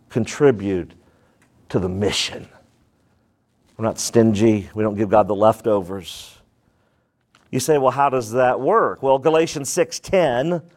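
A man preaching a sermon to his congregation, calling out to them for answers and swinging between low, intoned lines and high, excited ones. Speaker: pastor.

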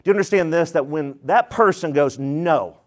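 A man's voice: a little high, a little fast. A middle-aged man preaching a sermon, emphatic, asking rhetorical questions and repeating lines for stress.

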